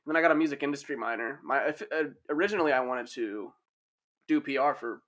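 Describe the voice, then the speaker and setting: A man in his twenties talking as a guest in a casual podcast chat, easygoing and reflective, often pausing to find his words. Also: medium pitch, a bit bright. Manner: easygoing, reflective, hesitant with fillers.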